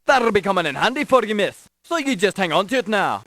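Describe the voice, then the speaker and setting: An actor playing a gruff, impatient Irish police desk sergeant with an Irish accent in a video game. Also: male voice, high-pitched, big pitch swings, brisk, fairly bright tone, a little hiss or hum. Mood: brusque. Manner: brusque, dismissive, calls her lass. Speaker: game character.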